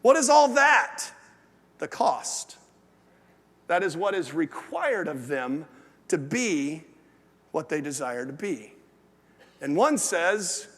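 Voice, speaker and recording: Casting: pastor, high-pitched voice, sermon in a reverberant sanctuary. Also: male voice, slow, long pauses. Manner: swings from lively and loud to low and hushed. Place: large church sanctuary. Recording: long hall reverb.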